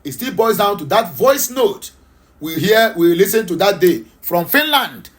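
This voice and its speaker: Unhurried yet impassioned, a Nigerian-accented male talk show host holds forth on politics in a high-pitched, fairly bright voice that swings widely in pitch. He repeats himself for emphasis, fills pauses often, and leans on rhetorical questions.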